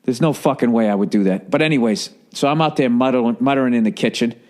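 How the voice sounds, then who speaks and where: A man, talking in a rambling, profane, animated monologue as a podcast host. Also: medium pitch, fast talker. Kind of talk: casual monologue.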